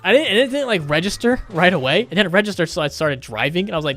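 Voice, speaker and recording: A man's voice: high voice, sing-song, fast talker, hardly any pauses, fairly bright tone, faint music behind. A man ranting in profane, rambling gameplay commentary as a gaming YouTuber.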